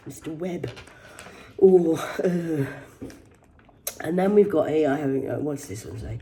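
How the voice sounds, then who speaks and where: A woman's voice: deep voice, animated, measured pace, mellow. A woman, reading news headlines aloud in a rambling vlog, swearing heavily and adding mocking asides. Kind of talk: rambling livestream commentary.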